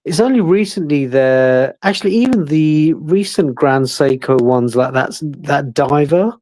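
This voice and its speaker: A man co-hosting a casual livestream, measured and thoughtful in his comments. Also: fairly high pitch, lively intonation, a little mellow, no room sound.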